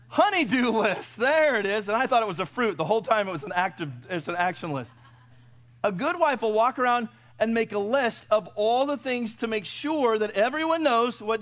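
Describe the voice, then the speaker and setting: A pastor, a middle-aged man, preaches in a folksy manner, peppering his sermon with rhetorical questions. His high voice swings between loud moments and hushed ones.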